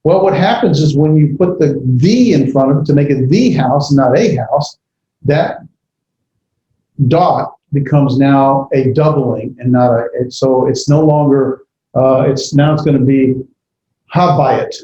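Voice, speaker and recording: A man teaching a Hebrew grammar lesson in a halting way, with many fillers and self-corrections as he walks through examples. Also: mid-range voice, mellow. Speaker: Hebrew instructor. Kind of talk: classroom lecture. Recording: dull, roomy lecture recording.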